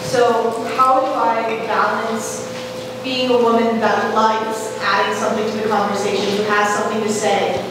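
A woman's voice: fairly high pitch, little pitch movement, moderate pace. Young woman asking a question from way back, lots of likes and ums, super echoey room, noisy. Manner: searching, hesitant, fillers. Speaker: audience member. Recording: far from the mic, echoey hall.

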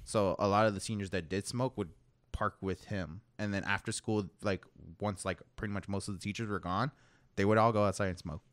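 A man's voice: fairly low pitch, fairly even intonation, brisk, fairly bright tone, no room sound. A young man telling a rambling story in a casual podcast chat, swearing and laughing often. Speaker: podcast co-host.

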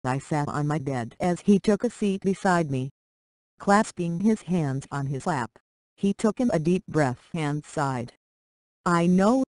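A computer voice reading a first-person short story aloud in an even, flat delivery. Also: medium pitch, unhurried, dry recording, low-quality recording. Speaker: narrator.

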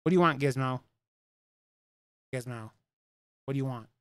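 A man's voice: mid-range voice, normal speed, fairly bright tone, clean tone, no echo. A man streaming a horror game, joking crudely with lots of swearing and reading the in-game notes aloud in a casual way. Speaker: let's play streamer. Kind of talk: casual gameplay commentary.

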